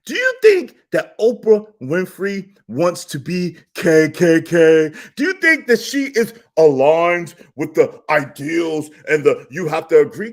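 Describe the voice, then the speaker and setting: A man ranting loudly and profanely as a commentator, swinging between shouting and a mocking slow monotone. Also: fairly high pitch. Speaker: commentator and panel participant. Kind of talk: reaction rant and panel discussion.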